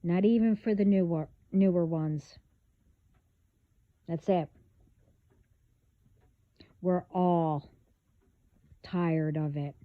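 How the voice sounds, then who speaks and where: A woman talking bluntly in a casual spiritual vlog, halting, with many fillers and restarts. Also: fairly low pitch, steady tone, no room sound. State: hiccups. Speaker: vlogger. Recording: phone-like band-limited audio.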